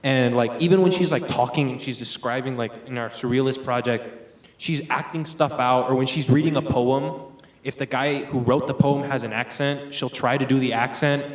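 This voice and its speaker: A teenage boy answers a panel question in a casual, meandering way, leaning on fillers as he thinks aloud. His voice sits in an ordinary middle range. The sound carries a clear room echo from a school hall. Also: mid-range voice, steady tone, normal speed, far from the mic. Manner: rambling, full of "like" and "um". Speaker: student panelist. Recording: echoey room.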